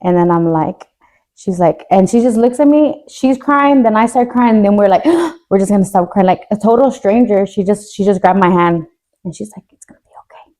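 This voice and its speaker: A young adult woman co-hosting a podcast, telling a personal grief story in a candid, joking way that turns quiet and tearful. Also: medium pitch, moderate pace. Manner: candid, jokes to cope, voice drops when tearful. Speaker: podcast co-host. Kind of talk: casual emotional storytelling.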